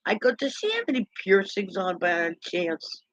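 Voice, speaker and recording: A man's voice: high voice, big pitch swings, normal speed, a bit bright, dry recording. A man in a rambling, indignant gossip monologue, talking to himself. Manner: chatty, indignant, talks to himself. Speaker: vlogger. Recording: dull lo-fi dry recording.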